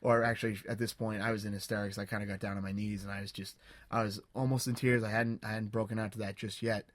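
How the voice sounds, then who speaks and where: A young man on a podcast, telling a personal story in a casual, halting way, with many restarts and fillers. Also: lowish voice, flat delivery. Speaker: podcast co-host.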